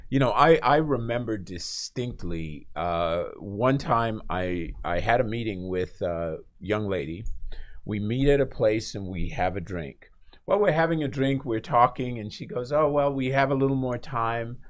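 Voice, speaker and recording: A man who is a guest on a radio talk show, telling stories in a lively way, laughing often and acting out the people in them. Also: mid-range voice, measured pace. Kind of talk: animated storytelling in a talk show.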